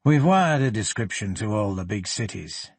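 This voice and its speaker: A man voicing a gruff older police superintendent with a Yorkshire accent, blunt and unhurried, in an audiobook. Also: fairly low pitch, animated, dry recording. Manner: blunt, unhurried, plain-spoken.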